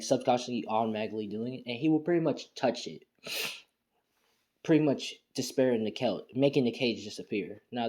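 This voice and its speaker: A young man telling a fan story off the cuff. His voice is mellow and darkish at a middle pitch. He rambles and keeps stopping to restart his sentences. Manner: rambling, full of fillers and restarts. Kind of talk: casual storytelling.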